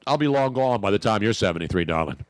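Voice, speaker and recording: A man's voice: lowish voice, lively intonation, quick pace, no echo. A man hosting a sports talk radio show, joking brashly and crudely in casual banter.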